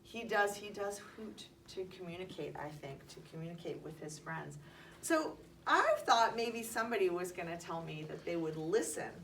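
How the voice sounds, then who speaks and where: A woman's voice: lowish voice, lively intonation, moderate pace, vocal fry, fairly bright tone. A woman teaching young children, patient and encouraging, asking questions and calling on them by name. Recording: distant mic, faint background noise.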